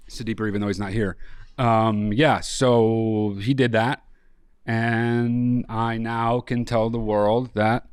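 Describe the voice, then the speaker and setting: A man's voice: lowish voice, slow, smooth, no room sound, clean studio sound. A young man hosting a podcast in casual chat, profane and jokey with mock outrage, a little nasal after being sick. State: slightly nasal after illness. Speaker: podcast host.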